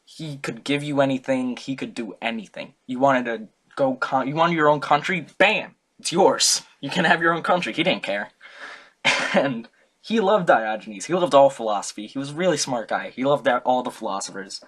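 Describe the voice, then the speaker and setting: A man's voice: mid-range voice, lively intonation, moderate pace, fairly bright tone. A young man giving a casual, comic student talk, rambling, joking and correcting himself as he goes. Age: young adult. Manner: rambling, jokey, self-correcting. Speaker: student presenter.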